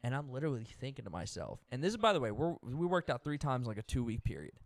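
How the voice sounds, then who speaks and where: A man co-hosting a podcast, telling a story in a loose, animated way and swearing freely. His voice sits at an ordinary pitch. The recording is dry and close, with no room sound. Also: fast talker, no echo. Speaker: podcast co-host. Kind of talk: casual chat.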